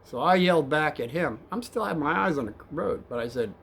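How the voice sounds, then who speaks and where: A man who used to drive a cab, telling a story casually and softly, with a rambling manner and calling his viewers kids. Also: on the high side, lively intonation, fairly quick, vocal fry, a little hiss or hum. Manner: soft-spoken and rambling, addresses viewers as kids.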